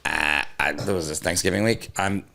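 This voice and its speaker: A man's voice: sits low, moderate pace, vocal fry, bright, forceful tone. A man co-hosting a comedy podcast, joking crudely and laughing often in casual banter. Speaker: comedian co-host.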